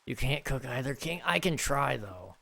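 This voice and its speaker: A man's voice: medium pitch, animated, normal speed, gravelly, sharp tone. A man casually chatting with his viewers on a live stream, rambling and joking with lots of fillers. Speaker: streamer reading chat.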